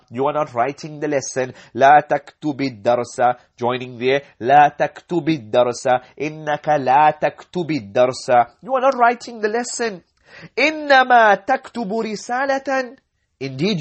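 A man teaching an Arabic lesson, reading each phrase, repeating it and explaining the grammar step by step. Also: on the high side. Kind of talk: language lesson, reading and translating.

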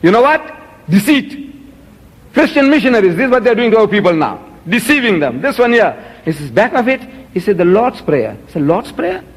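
Lecturer, male, high voice, indignant and rhetorical, reverberant hall sound. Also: very animated, fairly quick. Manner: indignant, rhetorical, shows items to audience. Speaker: Muslim lecturer. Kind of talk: public lecture.

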